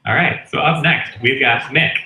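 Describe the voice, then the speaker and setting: A man's voice: medium pitch, moderate pace, sharp tone. A man hosting an open mic night, casually introducing the next performer. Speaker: host. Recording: echoey room from far off.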